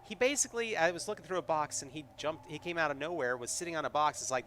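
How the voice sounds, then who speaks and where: A man's voice: fairly high pitch, quick pace, sharp tone, a little hiss or hum. A man streaming a live solo tabletop game, reading the adventure aloud and chatting with viewers in a rambling way, full of fillers and restarts.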